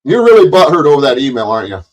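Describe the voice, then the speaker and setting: A man's voice: mid-range voice, sing-song, rapid-fire. A man hosting a livestream, taunting guests and trading profane insults in a combative argument. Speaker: livestream host.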